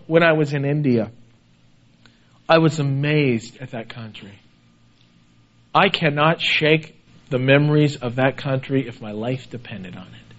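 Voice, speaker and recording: A male preacher with a high voice delivers an impassioned sermon, swinging from loud, soaring pleas down to hushed, low asides. The recording sounds dull and lo-fi.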